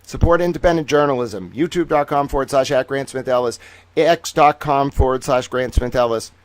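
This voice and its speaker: With no echo on the audio, a man hosting an independent news livestream reads court filings aloud, his commentary profane and excitable, shifting between shouting and muttering under his breath. When the big reveals come, he drags them out slowly like an announcer; he's an independent journalist and show host.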